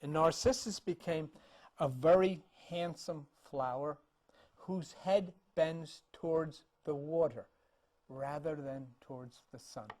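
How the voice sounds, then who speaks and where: Slow and a little mellow, a slightly high male voice narrates a myth while gesturing to paintings. The storytelling is loose and casual, full of restarts and small laughs.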